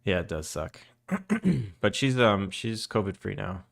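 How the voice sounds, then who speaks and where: A young man chatting casually with viewers on a live stream, drowsy and relaxed in his early-morning voice. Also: on the low side, slow, gravelly. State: just woken up, morning voice. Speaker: game developer streamer.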